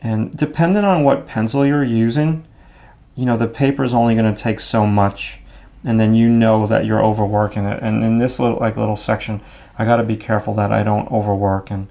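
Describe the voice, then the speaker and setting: A man explaining his drawing steps out loud as he works, in a relaxed, thinking-aloud way. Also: on the low side, a little fast, creaky. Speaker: art instructor. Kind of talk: drawing demonstration.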